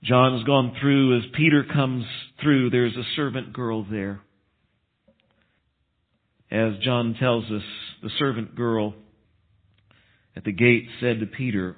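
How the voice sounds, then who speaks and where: A man preaching a sermon, retelling a story with lively asides and chuckles. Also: mid-range voice, slow pace, pauses often. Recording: tinny phone-like sound.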